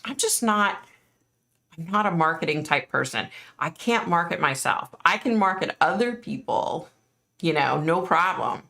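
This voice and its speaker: A woman's voice: on the low side, lively intonation, measured pace, creaky, bright, forceful tone. A middle-aged woman, a psychic medium, hosting a casual live stream and chatting frankly with her viewers, full of "like" and "you know".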